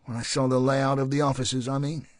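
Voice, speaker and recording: A man voicing an easygoing male detective with a Liverpool accent, relaxed and courteous. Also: mid-range voice, fairly quick, no room sound, studio quality, lightly acted. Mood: calm.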